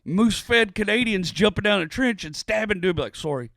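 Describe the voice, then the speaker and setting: A man from Houston, co-hosting a comedy podcast and telling stories with animated, acted-out quotes. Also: high-pitched, fairly quick, creaky, a crowd in the background. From Houston, Texas. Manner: animated, acts out quotes, laughs often. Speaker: podcast co-host. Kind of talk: casual comedic storytelling.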